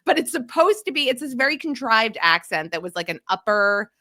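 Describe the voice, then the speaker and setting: A woman's voice: a little high, brisk, dry recording, clean studio sound. A woman from the mid-Atlantic US hosting a podcast, chatting casually and laying out a theory at length. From mid-Atlantic region of the US. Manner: animated, laughing, theorizing at length. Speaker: podcast host.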